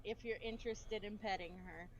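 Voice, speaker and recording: A woman telling a quick, giggly story in casual chat over online voice chat. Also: medium pitch, steady tone, muffled recording, slight background noise. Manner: giggly, chatty. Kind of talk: casual chat on a game stream.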